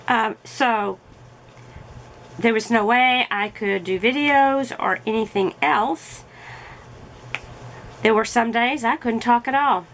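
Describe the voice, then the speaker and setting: A woman's voice: fairly high pitch, slow, long pauses, a bit bright, slight background noise, low-quality recording. A middle-aged woman vlogging casually while crafting, telling a story in a chatty way with fillers as her voice recovers.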